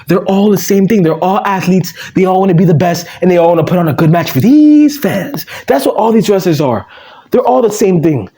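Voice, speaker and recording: A man with a high, bouncy voice vents about wrestling in a loose vlog rant. His tone is mellow and low in edge, but his talk is blunt, profane and fed up. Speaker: wrestling vlogger. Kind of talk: casual ranting commentary.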